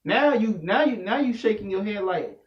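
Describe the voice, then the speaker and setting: A man delivering a loud, profane comedic rant to camera, telling slangy stories as a vlogger. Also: high-pitched, moderate pace. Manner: loud, animated, slangy storytelling. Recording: echoey room, dull lo-fi audio.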